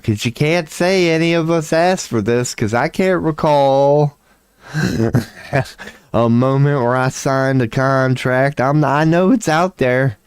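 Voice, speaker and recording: A man's voice: mid-range voice, clean tone, no room sound. A man, rambling casually on a stream at home, profane and self-mocking. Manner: profane, laid-back, self-mocking with frequent laughs.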